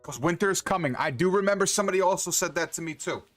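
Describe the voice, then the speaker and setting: A man's voice: sits high, fast, fairly bright tone, soft background music. A man livestreaming a farming game, rambling to himself and swearing often in casual commentary.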